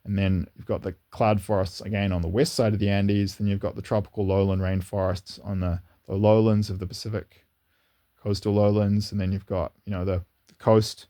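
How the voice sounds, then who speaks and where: A man with a low, mellow voice talks casually to his channel in an unscripted monologue. He rambles and restarts often, repeating words as he gathers his thoughts. His pitch climbs eagerly when he gets enthusiastic. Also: flat delivery, a little fast. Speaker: channel host. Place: lives in New Zealand, indoors.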